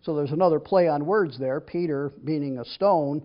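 Here a slightly high-voiced man moves at a moderate pace as he reads scripture and talks through its meaning conversationally. His explanations are relaxed and full of restarts, captured on a dull, lo-fi recording.

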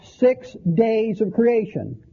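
A man's voice: high voice, big pitch swings, takes it slowly, creaky, slightly rough, phone-quality sound. A man preaching a conversational Bible-teaching sermon, often restarting phrases as he works through verses.

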